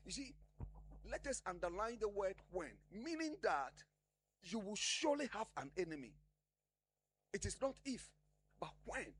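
A man's voice: high-pitched, breathy edge. A man preaching a sermon, emphatic, often asking the congregation a question and answering it himself.

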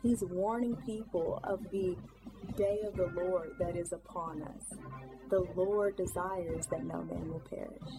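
Woman narrator, slow and measured, reading scripture, music under. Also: fairly low pitch, fairly even intonation, poor audio. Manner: measured, urging repentance.

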